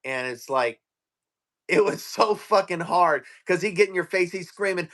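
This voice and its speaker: A man's voice: high voice, moderate pace, pushed and bright. A man telling crude, joking stories with lots of swearing as a guest on a live stream. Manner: profane, joking storyteller. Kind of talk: casual chat.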